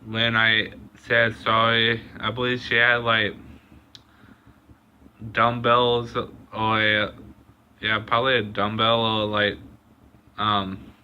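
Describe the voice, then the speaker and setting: A young man vlogging a personal story in a casual, halting way, with lots of pauses and fillers. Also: on the low side, monotone, bright, forceful tone, clean tone. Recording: dull lo-fi recording.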